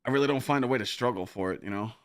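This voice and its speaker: A man's voice: mid-range voice, racing, no echo, studio quality. A male game streamer in casual chat with his viewers, laid-back and rambling, with swearing and lots of filler.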